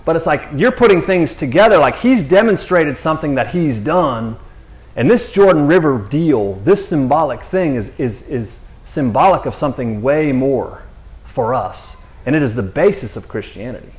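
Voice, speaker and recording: A man's voice: on the high side, animated, moderate pace, a little mellow. Man preaching in a loose, slangy way. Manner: slangy, conversational, restarts often. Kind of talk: casual sermon.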